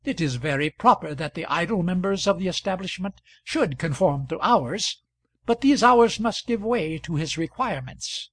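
A male audiobook reader narrating a classic novel in a measured, even delivery. His voice is high for a man and husky. The recording is dry and close, with no room sound. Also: dry recording.

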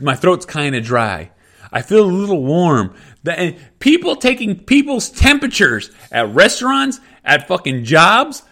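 A man ranting angrily and profanely as a podcast host, in a loud comedic tirade. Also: high voice. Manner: angry, profane, shouting rant.

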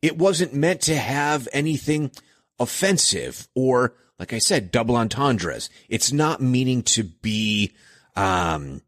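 Podcast host, man in his forties: husky, animated, chatty, chuckles at his own stumbles. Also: mid-range voice, slow, dry recording, studio quality. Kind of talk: casual nostalgic monologue.

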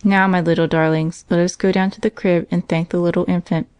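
A woman voicing a kindly father in a storybook reading, speaking gently to his children. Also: on the low side, little pitch movement, fairly quick, clear, resonant tone, no room sound, lightly acted. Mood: tender.

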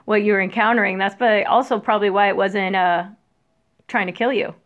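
A woman co-hosting a podcast in casual chat, animated and giggly, rambling with fillers. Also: medium pitch, fast, phone-quality sound. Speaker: podcast co-host.

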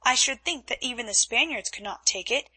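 A woman's voice: a little high, expressive, fairly quick, pushed and bright, husky, heavily acted. A woman voicing a cheerful young Dutch heiress who talks in a light, lilting way. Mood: nervous chatter.

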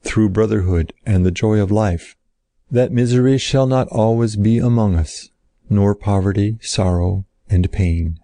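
Deep gravelly male storyteller. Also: warm tone, dry recording, clean studio sound. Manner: slow, solemn, old-fashioned storytelling. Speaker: narrator. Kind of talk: scripted storybook narration.

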